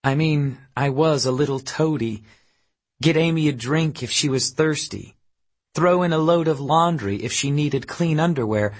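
A man with a husky voice voicing a guarded, bitter woman from Memphis who is raising young children, wary and confiding, snapping at her family in an audiobook. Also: on the high side, normal speed, voice pushed up, lightly acted.

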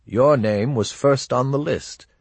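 Man doing a husky, wry old army colonel. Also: mid-range voice, slow pace, no echo, pitched above the performer's own voice, heavily acted. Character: aging army colonel, wry and world-weary. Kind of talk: audiobook character voice.

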